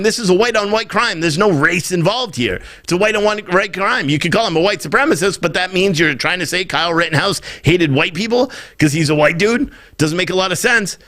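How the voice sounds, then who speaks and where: A man's voice: high voice, lively intonation, moderate pace, fairly bright tone. A man hosting a podcast, ranting in heated, profane political commentary, openly irritated. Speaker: podcast host.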